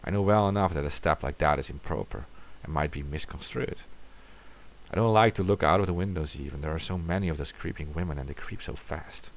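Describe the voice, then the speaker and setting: Very deep gravelly man reading horror. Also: brisk. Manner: dramatic reading, sometimes dropping to a whisper. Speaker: storyteller. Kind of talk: reading a horror story aloud.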